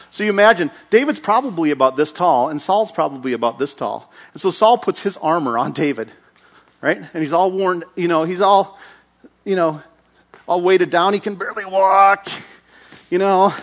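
Guy preaching a bible story, high voice, does all the voices and sound effects. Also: moderate pace. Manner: lively, acts out characters with shouts and sound effects. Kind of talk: animated Bible storytelling sermon.

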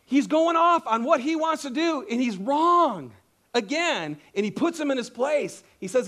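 A man preaching a sermon, telling a story with lively acted-out quotes and casual asides. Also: extremely high pitch, unhurried. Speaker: pastor.

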